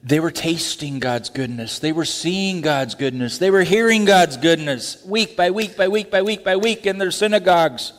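A man preaching a sermon, animated, acting out quick voices and laughing asides. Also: sits high. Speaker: pastor. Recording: long hall reverb.

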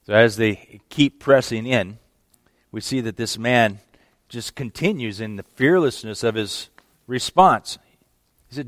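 A man preaching a verse-by-verse sermon in a conversational, animated way, acting out the scenes. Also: mid-range voice, a little slow, no room sound. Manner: animated, conversational, acts out the text. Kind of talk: expository sermon.

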